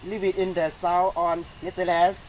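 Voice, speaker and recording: A man's voice: sits high, little pitch movement, normal speed, a little mellow, a little hiss or hum, low-quality recording. A man with a Lao accent playing a weather presenter in a student role-play, hesitant and full of fillers.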